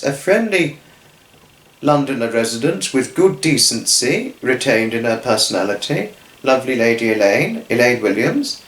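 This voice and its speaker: A man's voice: mid-range voice, fairly bright tone. Effusive rambling man in an echoey room. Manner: effusive, meandering, frequent restarts and fillers. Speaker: channel host. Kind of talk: rambling spoken tribute to friends.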